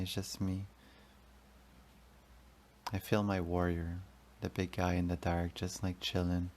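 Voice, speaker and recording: A man's voice: low-pitched, darkish tone, slight background noise. A man in his thirties, hosting a podcast as a rambling, profane, confessional solo monologue. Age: 30s. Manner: rambling, profane, emotional, talks to himself. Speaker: podcast host.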